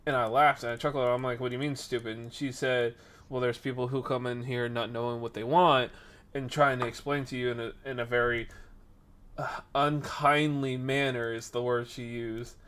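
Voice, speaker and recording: An animated young man spins a workplace story for his stream. He talks at a mid pitch, keeps a casual tone, and slips into the voices of the people he quotes. When the story heats up, he gets loud. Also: normal speed, clean tone. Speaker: streamer telling stories.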